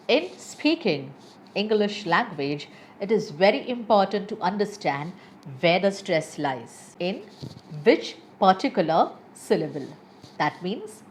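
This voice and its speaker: Brief: woman English teacher, slow careful delivery, animated intonation, faint hiss behind. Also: lowish voice. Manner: reads word lists aloud with exaggerated stress. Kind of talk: slow, deliberate pronunciation lesson.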